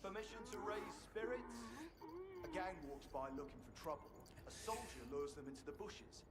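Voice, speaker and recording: An actor playing a male soldier in a video game who tells a joke around camp, storytelling in a lively way. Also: sits high, normal speed. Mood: joking. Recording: game audio heard faintly under loud noise.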